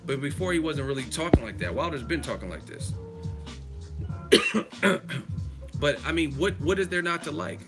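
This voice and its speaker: A man's voice: on the high side, animated, normal speed, vocal fry, pauses often, music in the background. Emphatic, profane male stream host. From United States. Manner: emphatic, profane, rhetorical ranting. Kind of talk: casual live-stream commentary.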